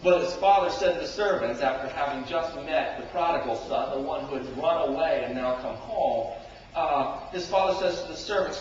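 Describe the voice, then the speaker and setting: A male pastor preaching a sermon with dramatic storytelling, sweeping from loud outbursts to hushed tones. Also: a little high, normal speed, a little hiss or hum. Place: church sanctuary. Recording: echoey church hall from far off, dull lo-fi. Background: church hall reverb.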